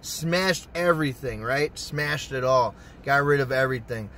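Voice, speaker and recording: A young man telling a personal story to his channel in a casual, profane, excitable way. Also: mid-range voice, unhurried. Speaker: storytime vlogger.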